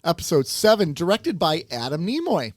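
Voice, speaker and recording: Guy cohosting a podcast, kinda high voice, dry close sound, jokes around a lot. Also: wildly swooping pitch, dry recording. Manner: laughs often, jokey, lists things off quickly. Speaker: podcast co-host. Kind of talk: casual chat.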